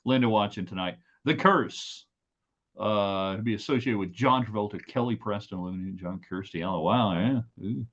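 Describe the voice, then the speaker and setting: A man's voice: fairly low pitch, moderate pace. Emphatic man, lo-fi stream. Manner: animated, emphatic, rambling. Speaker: host. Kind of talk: casual live-stream chat. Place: home office.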